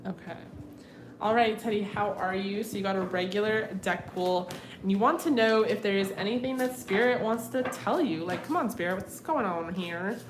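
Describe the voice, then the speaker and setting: A woman's voice: medium pitch, moderate pace. A young woman tarot reader chatting casually and laughing often on her live stream. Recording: echoey room with noticeable background noise.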